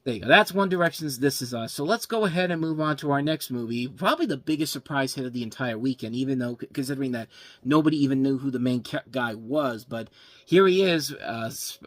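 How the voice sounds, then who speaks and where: A man hosts a casual movie review, talking at a middle pitch in a loose, rambling way. He stumbles over names and restarts his sentences. The sound is close and dry with no room around it. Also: fast talker, no room sound.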